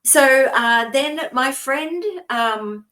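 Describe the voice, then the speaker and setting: An Australian woman in middle age co-hosts a relaxed podcast. She tells long personal stories in a meandering, chatty way, often breaking into laughter as she goes. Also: high-pitched, drawn-out words. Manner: rambling storytelling with frequent laughs. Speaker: co-host. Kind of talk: casual podcast chat.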